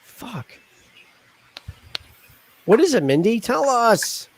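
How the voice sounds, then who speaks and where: A man's voice: extremely high pitch, very animated, very slow. A man hosting a casual live stream chat, joking and rambling with plenty of fillers. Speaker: host.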